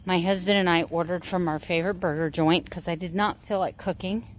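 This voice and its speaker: Chatty lower-voiced woman vlogging. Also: fairly even intonation, brisk, a little hiss or hum. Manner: chatty, rambling, self-correcting. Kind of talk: casual chat.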